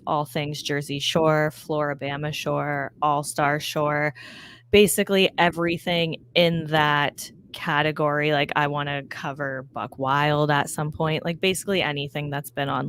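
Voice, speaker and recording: A woman guesting on a podcast, chatting in a relaxed, rambling way full of "like" and "um.". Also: sits low, a little hiss or hum. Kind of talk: casual chat.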